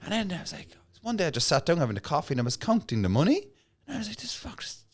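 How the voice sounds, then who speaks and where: Lively Irish man spinning yarns. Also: high voice, rapid-fire. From Ireland. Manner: lively yarn-spinning, slipping into loud market-stall patter. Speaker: guest comedian and storyteller. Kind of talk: casual storytelling in a podcast chat.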